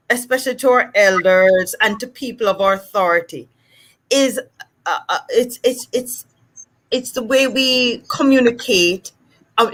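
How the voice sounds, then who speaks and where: A woman from Jamaica with a Jamaican accent, a speech-language pathologist explaining things in a casual, animated way and acting out examples. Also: a little high. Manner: animated, acts out examples in different voices.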